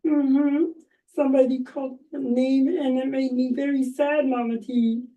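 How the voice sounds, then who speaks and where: Woman doing a sad puppet boy for a kids show, high and slow, stops and starts, a bit off mic. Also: steady tone, warm tone, distant mic, muffled recording. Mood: sad, hurt. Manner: halting, hurt.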